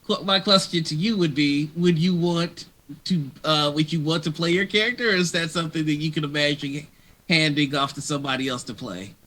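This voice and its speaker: A man hosting a live stream, asking questions in an animated, casual way. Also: a little high, a little fast. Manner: animated, laughs along. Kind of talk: casual interview chat.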